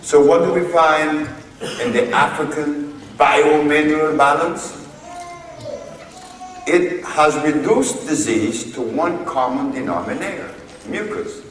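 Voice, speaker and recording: A man giving a lecture to an audience, telling stories with emphatic pauses and short punchy sentences. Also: fairly high pitch. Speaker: speaker giving a talk on herbal healing. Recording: echoey hall from far off.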